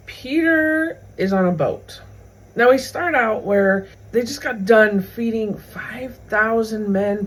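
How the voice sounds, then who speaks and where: A woman hosts her own faith video series and retells a scripture passage in plain everyday words. Her voice is gravelly with a husky edge, and she keeps stopping for casual asides to the viewer. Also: mid-range voice, rough recording. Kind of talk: casual Bible teaching.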